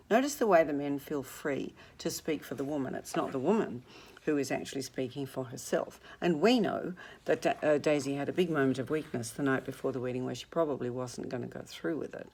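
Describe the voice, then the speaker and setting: Low-voiced female teacher, reads and unpacks a classic novel, chatty asides. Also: fairly quick, a little mellow, slightly rough. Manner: conversational, explanatory asides. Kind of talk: reading and commenting on a novel.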